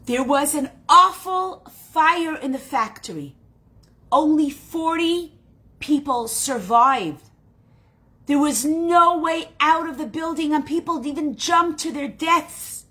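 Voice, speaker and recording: A woman's voice: very high-pitched, lively intonation, very slow, long pauses, pushed and bright, pitched above the performer's own voice, heavily acted. Woman doing a tearful young male cousin. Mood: urgent. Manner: urgent, emotional.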